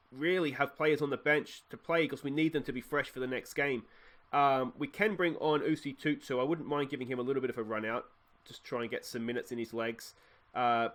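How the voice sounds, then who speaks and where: A young Australian man commentating his own football management game, talking casually and breaking into exasperated yells. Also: mid-range voice. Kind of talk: let's-play commentary.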